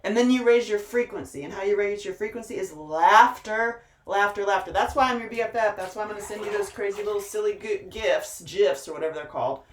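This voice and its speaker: A woman's voice: medium pitch, fairly quick, few pauses, distant mic, a little hiss or hum. Profane, preachy woman in an echoey room. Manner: profane, emphatic, preachy, repeats words for emphasis. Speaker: motivational speaker and host. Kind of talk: impassioned direct-to-camera pep talk.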